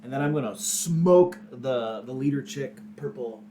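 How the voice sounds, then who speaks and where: A man's voice: medium pitch, measured pace, mellow, a little hiss or hum. A man playing a tabletop game, brash and joking, trash-talking the enemies. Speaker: player.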